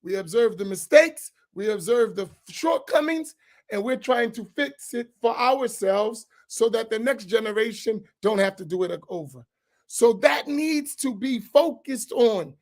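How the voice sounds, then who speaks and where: Slow, emphatic preaching imam. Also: male voice, very high voice, animated. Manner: slow and emphatic, repeats key phrases; asks for slides to be put up. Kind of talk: sermon-style lecture.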